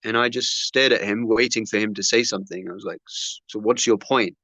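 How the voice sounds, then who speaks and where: A male preacher telling a personal story in a sermon, acting out the dialogue with lively shifts of voice. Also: on the low side, brisk, no room sound, low-quality recording. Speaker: Muslim preacher.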